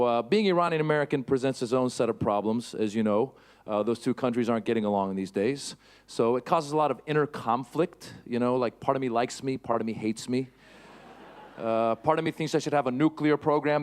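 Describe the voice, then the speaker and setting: A middle-aged man from Iran doing a stand-up routine, animated and breaking into shouted impressions. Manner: animated, jumps to high shouted impressions and cat noises. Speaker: stand-up comedian. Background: audience laughter.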